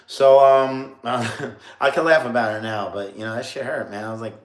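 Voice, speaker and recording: A New York streamer in his late thirties rambles through a story on a casual livestream, full of fillers and laughing at himself. His mid-range voice moves fairly quickly, and the room gives it a roomy echo.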